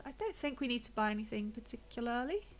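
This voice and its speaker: A woman's voice: fairly high pitch, lively intonation, fast, a little hiss or hum. A woman streaming a game, chatting casually and thinking aloud as she plays, a little out of breath and with a blocked nose. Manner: chatty, thinks aloud, narrates own choices. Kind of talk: casual gameplay commentary.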